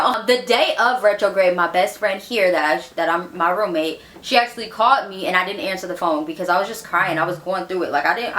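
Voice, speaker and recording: Chatty young woman vlogging in echoey room. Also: mid-range voice. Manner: chatty, animated, acts out quoted voices, frequent "like", laughs. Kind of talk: casual storytime vlog.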